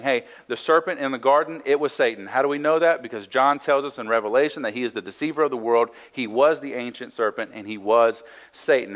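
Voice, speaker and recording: On a poor-quality recording, a man with a mid-range voice preaches a conversational sermon as a pastor. He reads Bible verses aloud and then explains them, often tossing in "right?" as an aside.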